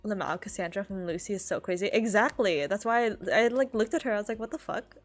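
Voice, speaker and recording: A woman's voice: mid-range voice, a little fast, soft background music. A young woman from California chatting casually on a live stream, rambling, laughing often and filling her talk with "like".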